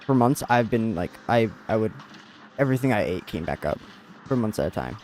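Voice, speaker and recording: A man's voice: lowish voice, expressive, brisk, a little mellow, faint music behind. A young American man streaming a game, chatting casually and rambling with lots of fillers and restarts. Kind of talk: casual chat while gaming.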